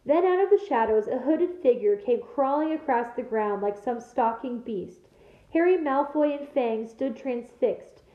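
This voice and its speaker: A woman teacher reading a novel aloud to her class with steady, expressive storytelling. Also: sits high, unhurried, reverberant, narrow, tinny audio.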